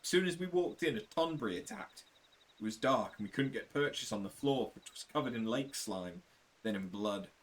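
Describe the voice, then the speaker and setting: A man voicing a grim, weary surviving adventurer, reading game dialogue aloud in a low, bitter, somber way. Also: lively intonation, moderate pace, close to an everyday voice.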